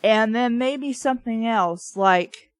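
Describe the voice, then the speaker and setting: Slow-talking Southern American woman. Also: on the high side, dry recording. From Southern United States. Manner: chatty and rambling, full of "like" and "you know". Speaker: book reviewer. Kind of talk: casual chat.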